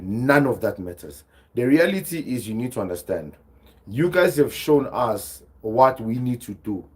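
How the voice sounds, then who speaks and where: With a low, slightly breathy voice, the host of this South African livestream podcast laughs and speaks with animation. He reads his viewers' chat and calls them "guys."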